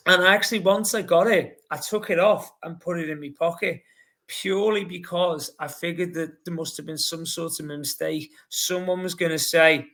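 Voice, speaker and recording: A man's voice: fairly high pitch, fairly even intonation, normal speed, bright, forceful tone. Chatty Scouse man telling stories. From Liverpool, England. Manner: chatty storyteller, acts out quotes. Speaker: guest, marathon runner. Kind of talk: casual podcast chat.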